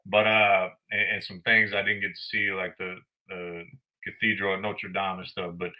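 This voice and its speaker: Male podcast host, casual storyteller, crisp bright tone, swears freely. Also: deep voice, normal speed, poor audio. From United States. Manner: animated, profane, blunt.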